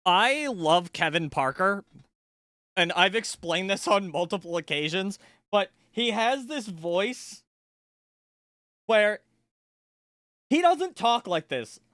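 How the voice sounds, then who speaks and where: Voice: medium pitch, animated, slow pace, long pauses, fairly bright tone, no room sound, studio quality. A streamer chatting casually and playfully during a live build, swearing freely and rambling to the audience. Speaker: livestreamer. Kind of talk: casual livestream chat while building.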